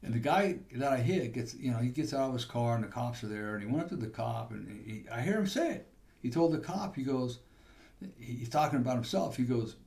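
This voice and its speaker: A man's voice: medium pitch, expressive, fairly quick, creaky, darkish tone. A man hosting a podcast, telling a personal testimony in a rambling storytelling way with restarts. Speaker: podcast host.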